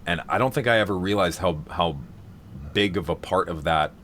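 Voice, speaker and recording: A man's voice: low voice, moderate pace, a bit bright, a little hiss or hum. A man hosting a live-stream vocal seminar, talking casually and rambling with many fillers and restarts.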